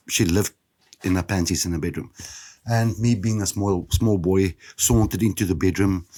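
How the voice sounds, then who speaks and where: A South African man in his fifties, hosting a podcast and telling his own story in a candid, reflective, halting way. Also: low voice, slightly rough. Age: 50s. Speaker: podcast host. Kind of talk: personal storytelling monologue.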